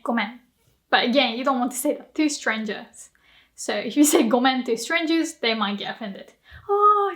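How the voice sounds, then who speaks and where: A woman's voice: fairly high pitch, fairly bright tone. A woman teaching a casual language lesson, chatty, explaining with examples and laughing often. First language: Japanese.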